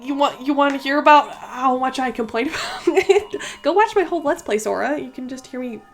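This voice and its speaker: A young woman hosting a let's play, talking in a chatty, animated way with frequent laughs and fillers. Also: high-pitched, fairly quick, a little hiss or hum. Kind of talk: casual gaming commentary.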